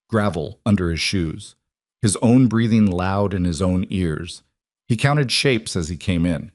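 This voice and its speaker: A man narrating a crime story in a steady, measured storytelling voice. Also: sits low, no room sound, studio quality. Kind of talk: scripted narration.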